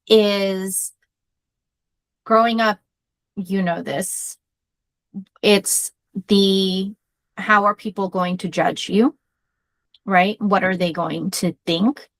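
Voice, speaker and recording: A woman therapist co-hosting a podcast, talking in a loud, energetic way as she tells personal stories in casual chat. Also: medium pitch, dry recording.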